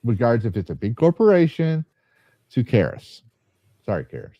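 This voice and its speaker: A man's voice: medium pitch, very animated, normal speed, no echo. A man hosting a podcast in casual chat, rambling and joking, often stopping to restart his sentences. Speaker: podcast host. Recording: slightly dull, dry sound.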